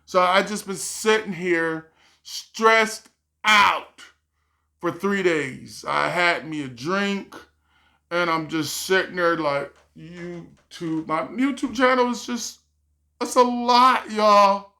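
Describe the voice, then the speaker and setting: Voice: medium pitch, takes it slowly, pushed and bright. An adult vlogger telling a stressed, rambling storytime, acting out what other people said and often sighing or laughing. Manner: sighs and laughs while talking. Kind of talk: storytime vlog.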